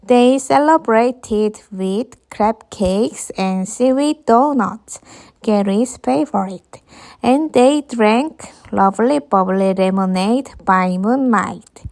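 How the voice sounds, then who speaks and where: A woman, a teacher reading an English picture book aloud to children, slowly and clearly. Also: on the high side. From Korea. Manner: slow, clear and expressive.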